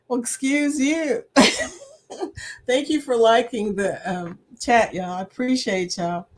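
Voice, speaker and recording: A middle-aged woman hosting a casual livestream chat, reading viewer comments aloud and laughing often as she talks. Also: medium pitch. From United States. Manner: laughs often, chatty and animated.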